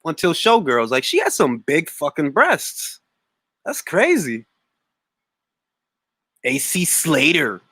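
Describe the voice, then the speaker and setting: A man's voice: a little high, huge pitch swings, slow, long pauses, a bit bright, husky, dry recording. A man hosting a boxing talk stream, casual, profane and jumping between topics. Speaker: boxing talk show host. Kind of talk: casual livestream chat.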